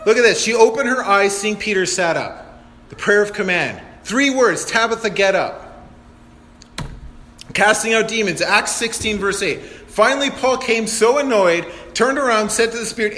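A man preaching a sermon to a congregation, animated, acting out Bible quotes and laughing at himself. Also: high-pitched, moderate pace. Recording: echoey hall.

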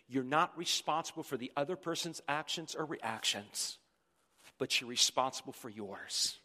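Guy preaching in church, bright forceful voice, kinda high, big long echo, stresses stuff and repeats words. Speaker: pastor. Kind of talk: sermon. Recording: long reverb in a large hall.

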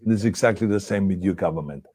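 Man with an Austrian accent, earnest, measured, low and mellow, played from a clip. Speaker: public figure giving a video address. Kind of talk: prepared address.

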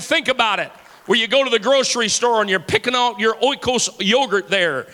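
A pastor preaching a fervent sermon to his church. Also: extremely high pitch. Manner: fervent preaching, rising to shouts. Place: church sanctuary. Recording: hall reverb.

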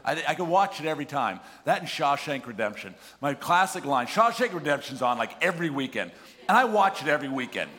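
A middle-aged man preaching a sermon, animated, acting out the voices of people talking to God. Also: on the high side, a little fast. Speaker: pastor. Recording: reverberant hall.

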